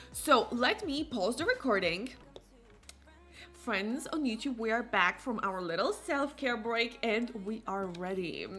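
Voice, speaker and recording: A woman's voice: fairly high pitch, pushed and bright. A woman hosting a Let's Play, chatting casually and giggling while greeting viewers. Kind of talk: casual gameplay chat.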